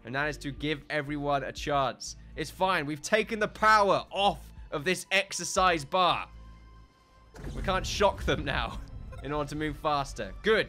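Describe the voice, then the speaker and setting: Lively, bright-voiced young man gaming. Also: on the high side, unhurried, soft background music. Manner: chatty, joking, swears and laughs while playing. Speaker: gaming YouTuber. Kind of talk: casual let's-play commentary.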